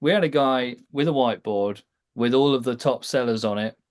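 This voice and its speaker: A man's voice: mid-range voice, fairly quick. A man who is a podcast guest, telling stories with wry, dry humour. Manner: wry storyteller, dry jokes. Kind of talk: casual chat.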